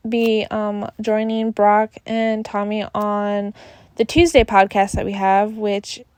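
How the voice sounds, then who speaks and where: A woman's voice: medium pitch, level tone, takes it slowly, darkish tone, smooth. Sleepy, yawning young woman podcasting. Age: young adult. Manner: tired, sighing and yawning, rambling with many fillers. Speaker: podcast host. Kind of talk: casual solo podcast chat. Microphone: phone held close.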